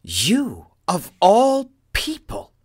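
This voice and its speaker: A man doing a high, exasperated corporate executive woman. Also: wildly swooping pitch, very slow, breathy edge, full character voice. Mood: indignant. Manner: exasperated, demanding. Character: distressed poised female corporate executive.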